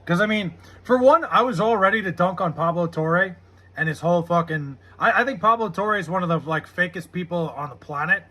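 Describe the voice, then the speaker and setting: A man's voice: high-pitched, a little fast, bright, forceful tone. An American man live-streaming, chatting loosely and profanely with viewers, full of "like" fillers. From United States. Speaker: live streamer reading chat. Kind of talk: casual rambling chat.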